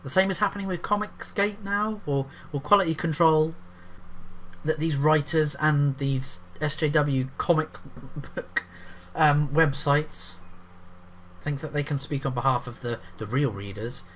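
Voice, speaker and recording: A man's voice: a little high, a little slow, fairly bright tone, slight background noise. A man reading an article aloud and breaking off into sarcastic, profane commentary. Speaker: YouTube commentator.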